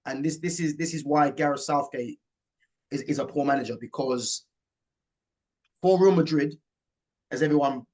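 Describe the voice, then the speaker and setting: A man with a fairly high speaking pitch hosts a casual football chat. He argues his points in an emphatic, opinionated way. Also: moderate pace, pauses often, darkish tone. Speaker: host.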